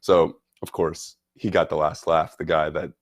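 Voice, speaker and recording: A man telling a travel story in a casual, animated way, often repeating words and restarting his sentences. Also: a bass voice, unhurried, dry recording, studio quality.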